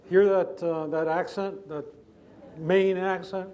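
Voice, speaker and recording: A man speaking as a biographer at a festival event, thoughtful and analytical, often pausing and restarting. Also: high-pitched, level tone, a little mellow, muffled recording. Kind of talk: literary talk at a festival. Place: stage event before an audience.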